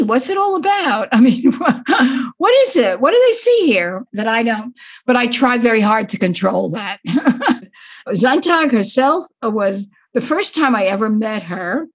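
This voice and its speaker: An older woman author telling wry anecdotes in an interview, laughing often as she talks. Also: fairly high pitch. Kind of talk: reflective interview storytelling.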